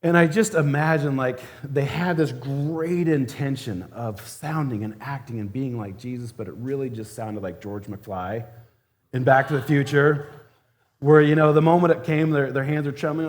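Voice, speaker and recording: A male church elder delivering a sermon in a relaxed, conversational way. He is humorous and often acts out the scenes he describes. His voice sits at an everyday middle pitch. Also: normal speed.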